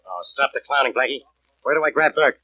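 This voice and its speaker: An actor playing a blunt, impatient police inspector in a 1940s radio drama. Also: male voice, mid-range voice, expressive, a little fast, bright, forceful tone, no room sound, rough recording. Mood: gruff.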